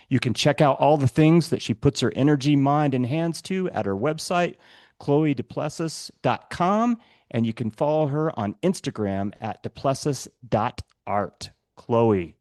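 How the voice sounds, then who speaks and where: A man's voice: medium pitch, darkish tone, no echo, clean studio sound. A man hosting a podcast, easygoing in chat and reading announcements and guest intros. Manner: easygoing, friendly, reads intros smoothly. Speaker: podcast host. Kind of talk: casual chat and show announcements.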